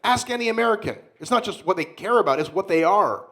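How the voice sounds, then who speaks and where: A man from Canada performing sardonic stand-up comedy on a theater stage, swinging between deadpan asides and loud mock outrage. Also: high voice, fast talker. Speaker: comedian host. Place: theater stage before a live audience.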